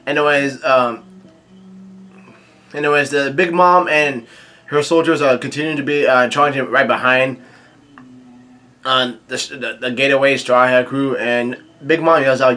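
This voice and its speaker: Halting male comic-recap host, bright forward tone, middle pitch. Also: fairly even intonation. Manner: halting, frequent fillers and restarts, quick asides. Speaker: manga reaction host. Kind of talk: casual chapter recap, reading out dialogue.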